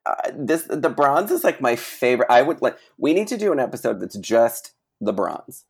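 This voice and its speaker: A man co-hosting a podcast in casual chat, rambling with lots of fillers and animated asides. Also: medium pitch, normal speed, vocal fry, slightly rough. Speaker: podcast co-host.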